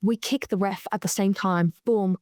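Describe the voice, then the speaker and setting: An Australian woman guesting on a podcast, bantering and teasing in a mid-pitched voice. The sound is dry and close-miked. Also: fairly even intonation, moderate pace, darkish tone, no echo. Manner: joking, teasing. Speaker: guest wrestler.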